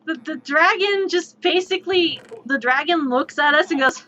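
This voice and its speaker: A woman streamer telling a tabletop game story in an animated, exasperated way, swearing freely, on dull lo-fi stream audio. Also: sits high, normal speed, hardly any pauses, slight background noise.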